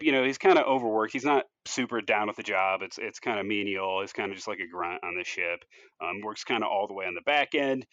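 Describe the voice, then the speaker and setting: Rambling low-voiced man, dry dull mic. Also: fairly bright tone, no echo. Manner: rambling, loose storytelling full of "like" and "you know", frequent restarts. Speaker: podcast co-host pitching a movie idea. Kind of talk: casual chat.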